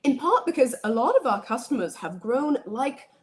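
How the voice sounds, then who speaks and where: A woman's voice: sits high, very animated, moderate pace. Confident British businesswoman guest. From Britain. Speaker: startup founder guest. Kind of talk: casual panel chat.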